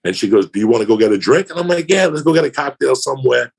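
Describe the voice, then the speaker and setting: Husky, gravelly man telling crude stories. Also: mid-range voice, very fast. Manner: crude, profane, animated anecdote-telling. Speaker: comedian guest. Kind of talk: casual podcast storytelling.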